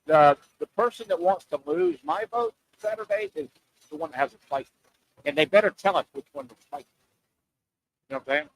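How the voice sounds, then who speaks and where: Animated gravelly-voiced host joking around. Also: male voice, high voice, a little fast, no echo, poor audio. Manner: animated, jokey, rambling. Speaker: radio show host. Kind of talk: casual radio chat. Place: open-air oyster bar.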